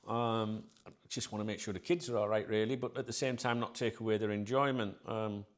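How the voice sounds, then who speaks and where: A man's voice: lowish voice, fairly even intonation, brisk. A man chatting casually to his viewers as channel host, rambling with many fillers and restarts.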